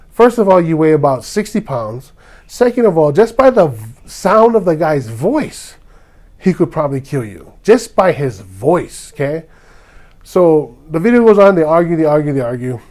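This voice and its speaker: A man from Hawaii hosts a podcast and rants with heated indignation, acting out other people's lines. His voice sits on the high side with a darkish tone.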